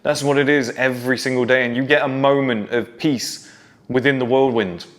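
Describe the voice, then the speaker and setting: A man's voice: mid-range voice, steady tone, moderate pace. A man giving a blunt, profane motivational monologue to his followers. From United Kingdom. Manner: blunt, profane, pep-talk. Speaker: self-improvement creator.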